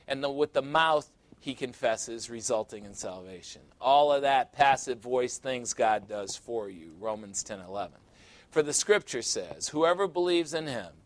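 A man preaching a sermon verse by verse, conversational and teasing, asking his listeners questions. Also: medium pitch. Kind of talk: sermon, verse-by-verse Bible teaching.

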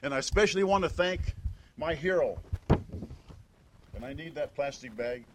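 Older man with a high voice, giving a eulogy. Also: animated, unhurried, noisy background. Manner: emphatic, with rhetorical questions. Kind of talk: memorial speech. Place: memorial service in a church.

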